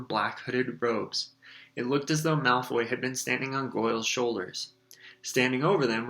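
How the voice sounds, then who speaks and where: A man reads a storybook aloud for his class, lively and expressive. His voice is bright and clear, in an ordinary middle pitch.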